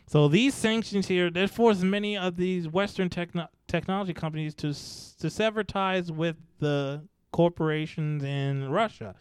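Guy with a high smooth voice ranting about the news, swears a lot, mocking tone, dry close sound. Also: normal speed, few pauses, no echo. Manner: blunt, profane, mocking, animated. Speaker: news commentary host. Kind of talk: casual news commentary vlog.

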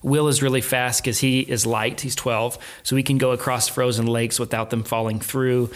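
A man casually retelling a book's plot in a chat, animated, quoting characters and laughing softly. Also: medium pitch, normal speed. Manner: animated retelling with quoted voices and soft laughs.

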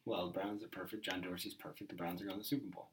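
A man co-hosting a podcast, chatting casually with quick, sarcastic, deadpan jokes. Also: deep voice. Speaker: podcast co-host. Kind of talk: casual chat.

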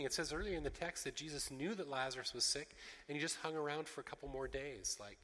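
A man delivers a sermon, lively and expressive, slipping into the voices of the characters he retells. His tone is bright and forward, and his words ring out with the long reverb of a large hall. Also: medium pitch, fast talker, hardly any pauses. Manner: expressive, acting out quoted voices, frequent restarts. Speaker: pastor.

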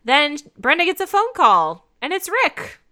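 A woman's voice: high-pitched, very animated, a little slow, bright, forceful tone. A woman co-hosting a podcast, chatting casually as she retells an episode scene by scene and giggling often. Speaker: podcast co-host. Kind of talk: casual episode recap chat.

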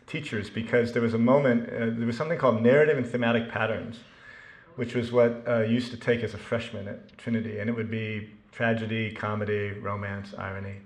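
A man's voice: lowish voice, level tone, a little fast, reverberant. A man giving a talk before reading from his novel to an audience, self-deprecating and joking, with plenty of ums and restarts. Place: lecture room with an audience.

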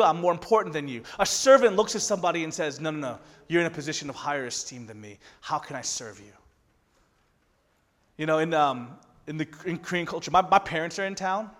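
A man in his thirties preaching a conversational sermon as pastor, building into loud emphatic stretches. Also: on the high side. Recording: long reverb of a large hall.

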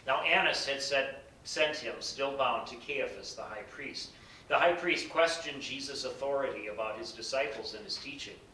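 A man reading scripture aloud in a measured, solemn way. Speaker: scripture reader. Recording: bright roomy echo, distant mic, faint rumble.

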